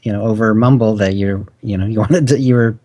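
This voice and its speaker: A man's voice: lowish voice, a little fast, a little mellow. A man guesting on a podcast interview, talking in a rambling, hesitant way full of fillers and easy laughs. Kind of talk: casual interview.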